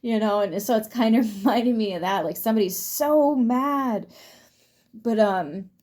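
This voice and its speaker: A woman's voice: on the high side, measured pace, darkish tone. A woman giving a casual tarot reading to her viewers in a chatty way, laughing often and swearing freely. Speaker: tarot reader.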